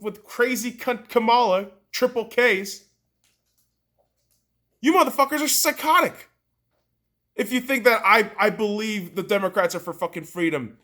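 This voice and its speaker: Man ranting, swearing, pitch swinging widely. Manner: heated, profane, mocking; swings from loud outbursts to low muttering. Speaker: podcast host. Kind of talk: profane political rant.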